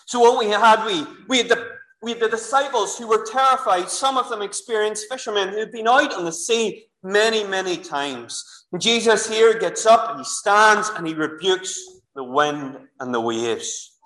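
A man's voice: sits high, animated, moderate pace, hardly any pauses, fairly bright tone. A man with a Northern Irish accent preaching a sermon in church, telling the story vividly and speaking directly to the children and the congregation. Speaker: minister. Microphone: clip-on microphone. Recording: echoey church room.

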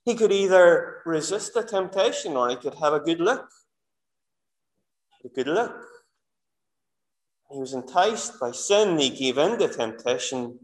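A man preaching a sermon in church, earnest and asking the congregation rhetorical questions. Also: sits high. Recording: echoey church room.

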